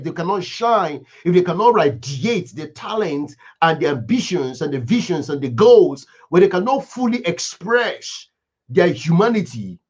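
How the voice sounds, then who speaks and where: A man's voice: on the high side, darkish tone, husky. A man giving an impassioned moral talk, with emphatic, repetitive lines like a preacher's. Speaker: speaker giving a moral reflection. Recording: dull lo-fi recording.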